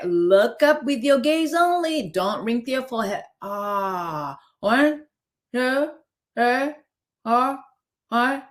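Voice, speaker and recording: A woman leading a face yoga session online, her voice sitting a little high. She talks students through posture and breathing and counts the holds aloud. She keeps asking whether everyone is with her. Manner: coaching, counts out holds, keeps checking in with "okay?". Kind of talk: live online guided exercise class.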